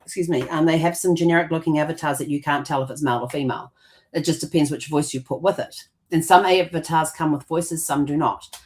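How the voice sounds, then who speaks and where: A woman co-hosting a casual conversation with a somewhat low voice. She explains in long, loose runs, trailing off and restarting often. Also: quick pace. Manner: rambling, with many fillers and restarts. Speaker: co-host.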